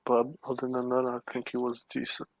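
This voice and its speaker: A man's voice: mid-range voice, monotone, fairly quick, vocal fry, dry recording. Guy pushing his point hard, middle voice, dry mic, keeps repeating himself. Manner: insistent, argumentative. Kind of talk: casual chat about football.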